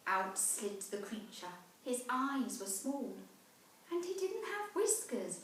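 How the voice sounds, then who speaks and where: A woman teacher reads a rhyming picture book aloud, slow and expressive, her pitch rising and falling with the verse. Her voice is fairly high and rings through an echoey room, picked up from a distance with faint ambience behind. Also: slight background noise. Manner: slow, expressive rhythmic reading. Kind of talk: storybook read-aloud. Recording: echoey room, far mic.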